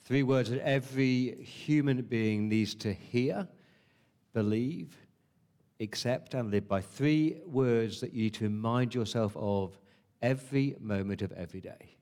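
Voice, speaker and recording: A man's voice: mid-range voice, a little slow, warm tone. A man preaching a sermon, stressing key words through repetition and asking the listeners rhetorical questions.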